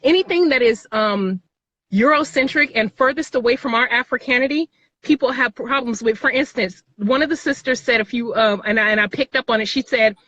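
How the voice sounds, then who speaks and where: A woman calls in to a live show and explains her views earnestly, as if giving a lecture. Her voice sits a little higher than average, and it comes through dull and dry over the call line. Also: brisk, a bit bright, no echo. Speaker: caller.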